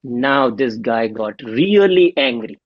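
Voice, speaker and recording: A middle-aged man, a homeopath guest telling an animated story and acting out the dialogue. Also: medium pitch, takes it slowly, no room sound. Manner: animated, acts out quoted dialogue. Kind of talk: storytelling interview. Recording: dull lo-fi dry sound.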